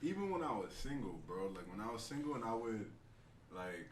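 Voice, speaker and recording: A man's voice: on the low side, big pitch swings, brisk, distant mic, a little hiss or hum. A young man co-hosting a podcast, telling stories in a laid-back, slangy way. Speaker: podcast co-host. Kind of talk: casual chat. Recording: roomy echo, from off mic.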